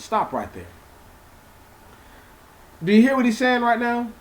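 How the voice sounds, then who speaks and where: Animated man reading and explaining scripture. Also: sits high, a little slow, long pauses. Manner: animated, repeats words, asks listeners questions. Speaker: Bible teacher. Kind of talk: informal Bible reading and commentary.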